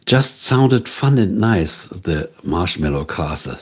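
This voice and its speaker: German guy hosting a chatty livestream, lowish husky voice, slow and lively. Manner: chatty, answers viewers' questions. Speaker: livestream host. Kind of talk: casual livestream chat.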